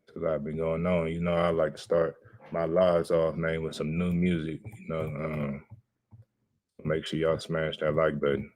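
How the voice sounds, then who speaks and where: Deep-voiced laid-back male livestream host. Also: level tone, a little slow, a little mellow. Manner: laid-back, rambling, slangy. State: out of breath. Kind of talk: casual livestream chat.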